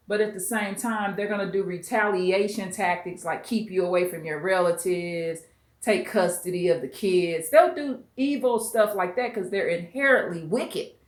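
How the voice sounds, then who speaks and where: A woman hosting a vlog, commenting bluntly and emphatically on a clip, with some profanity. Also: medium pitch. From US West Coast. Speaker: commentary channel host. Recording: roomy echo.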